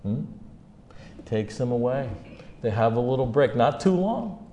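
A man preaching a sermon as a humorous story, acting out the scenes with big jumps in pitch and loudness. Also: lively intonation, measured pace, slight background noise.

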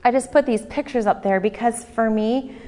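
A woman's voice: on the high side, normal speed, mellow, in a large hall. A woman in her thirties giving an earnest Bible teaching talk, reading passages aloud and stressing repeated words.

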